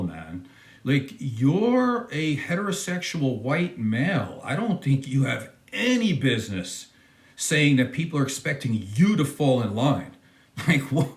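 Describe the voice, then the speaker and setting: Incredulous, animated man in an echoey room. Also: on the high side. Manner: incredulous and mocking, emphatic. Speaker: reaction video host. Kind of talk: casual commentary reacting to a video.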